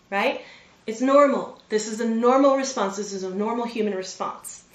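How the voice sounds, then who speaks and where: A woman in her forties gives an animated motivational talk, keeping her listeners with her by asking them to agree. Her voice sits fairly high for a woman, and it comes across from a distance in a roomy, echoing space. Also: moderate pace. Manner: animated, checks in with listeners with frequent "right?". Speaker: veterinarian and public speaker. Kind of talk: motivational presentation. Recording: roomy sound from a distant mic.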